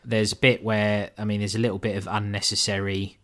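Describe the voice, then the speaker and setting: Male podcast co-host, lowish voice, relaxed chatty film review with jokey asides. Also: fairly quick. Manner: laid-back, swears, mimics characters jokingly. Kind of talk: casual film review chat.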